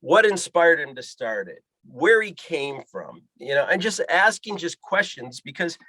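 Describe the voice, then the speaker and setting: A man's voice: a little high, very animated, unhurried, pushed and bright, no room sound. A man telling a story as a podcast guest, acting out the voices in the dialogue he quotes. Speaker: guest, pilot and fishing guide. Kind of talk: animated storytelling.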